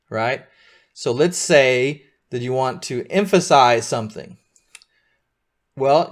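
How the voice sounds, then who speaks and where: A middle-aged man leads a live beginner coding lesson at an even pitch. He explains each step patiently and keeps asking his students whether they are following along. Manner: patient, checks in often with students. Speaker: coding teacher.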